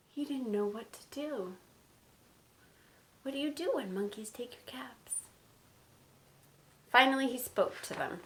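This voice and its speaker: High-voiced woman reading a picture book aloud. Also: a little slow, pauses often, a little hiss or hum, low-quality recording. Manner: animated, asks listeners questions. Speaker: teacher.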